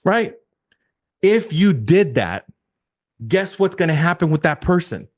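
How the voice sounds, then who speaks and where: A man who leads a real estate team, giving an energetic coaching talk on a video call, repeating his key points and firing rhetorical questions at his listeners. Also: fairly high pitch, measured pace.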